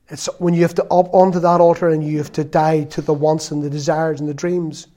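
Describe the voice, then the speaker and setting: A man in his fifties with a voice on the high side preaches a sermon earnestly and conversationally. At times he drops into a soft, confessional tone.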